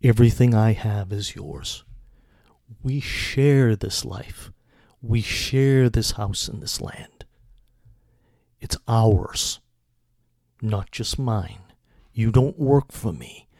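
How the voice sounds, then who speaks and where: A man reading the lines of a gentle, forgiving father in a parable, speaking softly and a bit lower. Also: takes it slowly, pauses often, dry recording, studio quality, close to an everyday voice. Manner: soft, gentle.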